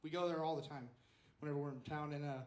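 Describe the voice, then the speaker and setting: A man's voice: on the high side, fairly even intonation, fast, echoey room. A young man telling a rambling story at an open mic stand-up set, acting out the quotes. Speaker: stand-up comedian. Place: small club stage.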